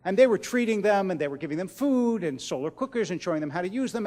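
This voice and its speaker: Expressive man telling stories to a crowd. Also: high voice, long reverb tail. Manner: dramatic pauses, drops to a hush at key lines. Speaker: rabbi giving a keynote speech. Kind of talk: storytelling speech to an audience. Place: large event hall.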